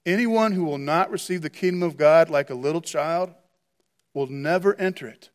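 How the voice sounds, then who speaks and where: Male pastor, higher register, lively sermon delivery with frequent restarts. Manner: animated storytelling with repeated restarts.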